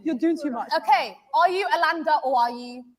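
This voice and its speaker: A woman on a panel chatting casually, teasing loudly with bursts of shouting and laughter. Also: high voice, brisk. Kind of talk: casual chat.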